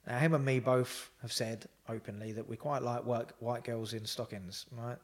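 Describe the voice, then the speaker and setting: A man's voice: mid-range voice, fairly even intonation, moderate pace. A man tells his stories in a loose, rambling way. He fills his talk with ums and acts out what people said to him. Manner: rambling with frequent fillers and quoted dialogue. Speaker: podcast guest. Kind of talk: casual storytelling.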